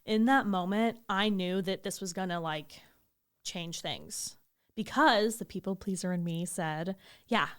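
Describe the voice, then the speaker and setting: A woman's voice: mid-range voice, unhurried, clear, resonant tone. A young woman co-hosting a podcast, telling a story in a casual chat, acting out quotes and swearing freely. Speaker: podcast co-host.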